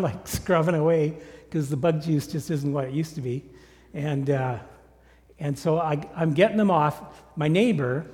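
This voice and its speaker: Preacher in a reverberant hall. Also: male voice, on the high side. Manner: conversational, animated storytelling. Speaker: guest preacher. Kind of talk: sermon with personal story. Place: church sanctuary.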